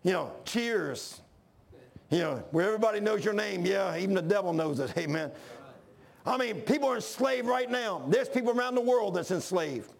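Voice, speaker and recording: A man from Washington, D.C., preaching a sermon in a fervent, folksy way, often shouting and calling listeners "man". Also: high-pitched, lively intonation, moderate pace, creaky. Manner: folksy, says "man" a lot.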